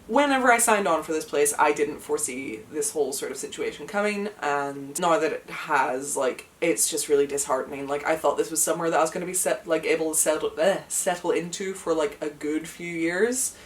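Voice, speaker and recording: A woman's voice: low-pitched, moderate pace, recorded from a distance. A young woman vlogging from her home, talking in an emotional, chatty way with lots of fillers and nervous laughs. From United Kingdom. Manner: chatty, emotional, many fillers, laughs through hard moments. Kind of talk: casual chat to camera. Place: at home, indoors.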